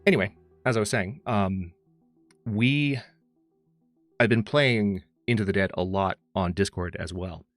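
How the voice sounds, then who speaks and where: A man's voice: fairly low pitch, a little slow, long pauses, dry recording. A man hosting a livestream, chatting casually and rambling as he greets viewers by name, speaking into a close mic. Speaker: streamer host. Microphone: close studio mic. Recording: faint music behind.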